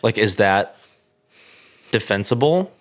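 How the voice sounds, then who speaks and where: A young man speaking in a measured, thoughtful way during a casual chat. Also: on the low side, expressive.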